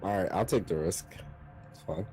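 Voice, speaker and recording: A man playing a tabletop game, speaking hesitantly and softly with many pauses. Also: deep voice, faint music behind, low-quality recording. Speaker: player.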